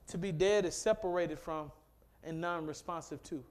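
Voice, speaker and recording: A middle-aged pastor from Mississippi, preaching with call-and-response that swells from low and quiet to loud and fervent. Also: male voice, moderate pace. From Mississippi, USA. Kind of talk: sermon.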